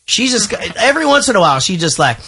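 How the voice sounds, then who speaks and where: A man's voice: high-pitched, big pitch swings, quick pace, sharp tone, husky. A man hosting a movie podcast, chatting casually and rambling, joking and swearing. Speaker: podcast host. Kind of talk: casual movie-review chat.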